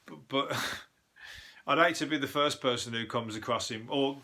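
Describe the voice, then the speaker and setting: A comedian from Birmingham talks in a broad Brummie accent, rambling from story to story with plenty of swearing and chuckles at his own lines. His voice is bright and forceful, sitting at an ordinary male pitch. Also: moderate pace. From Birmingham, England. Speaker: comedian and show host. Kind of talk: casual comedic monologue.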